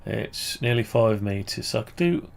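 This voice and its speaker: With lively intonation, a lowish gravelly voice, and a moderate pace, a British man takes viewers through his ham radio antenna project on screen. It's a casual walkthrough where he thinks aloud and fixes his own mistakes.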